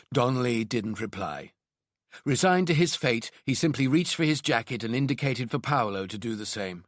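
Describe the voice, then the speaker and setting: A man narrating a crime thriller audiobook in a low, understated manner. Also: lively intonation, normal speed, no echo, studio quality. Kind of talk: scripted narration.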